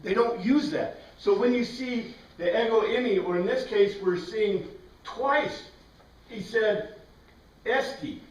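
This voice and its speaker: High-voiced man teaching from across a room. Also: takes it slowly. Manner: explains step by step, quizzing the class. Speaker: Bible class teacher. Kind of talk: classroom lecture. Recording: roomy sound from a distant mic.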